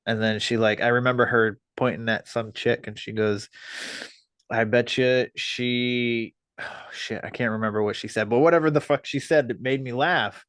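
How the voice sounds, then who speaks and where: A man hosting a podcast, chatting casually and relaxed, laughing and swearing freely. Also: medium pitch, normal speed, clear, resonant tone, dry recording. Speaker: podcast host. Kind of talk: casual chat.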